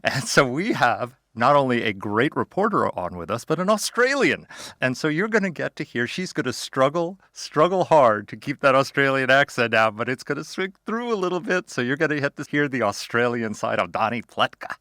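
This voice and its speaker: A man's voice: medium pitch, sing-song, brisk, pushed and bright, no room sound, studio quality. A man co-hosting a political podcast, teasing and combative in debate. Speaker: podcast co-host.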